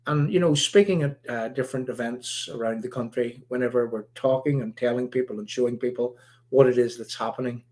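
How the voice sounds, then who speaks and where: A man from Ireland, hosting a political commentary livestream in an emphatic, repetitive, halting way. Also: mid-range voice, a little mellow. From Northern Ireland. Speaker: livestream host.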